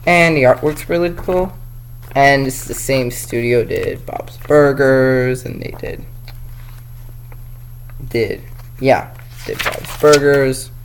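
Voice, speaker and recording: A male vlogger chatting casually about comics, excitable and jokey, rambling from one thought to the next. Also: on the high side, low-quality recording. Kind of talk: casual review chat.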